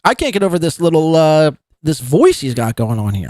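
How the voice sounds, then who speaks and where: A man's voice: on the high side, big pitch swings, fairly quick, hardly any pauses, darkish tone, no echo. Sarcastic male podcast host. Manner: sarcastic, mocking, laughs at what he reacts to. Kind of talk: mocking commentary.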